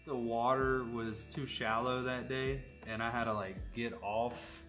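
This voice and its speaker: With soft music in the background, a tattoo artist talks casually on the job in a mid-range, fairly bright voice. His intonation stays fairly even and his pace a little slow as he rambles and jokes, using many fillers.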